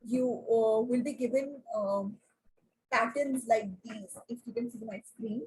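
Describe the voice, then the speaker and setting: Woman, online class teacher, very breathy voice, somewhat high, quizzes the class, lots of fillers. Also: fairly even intonation, measured pace, darkish tone, low-quality recording. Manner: questions the class often, many fillers.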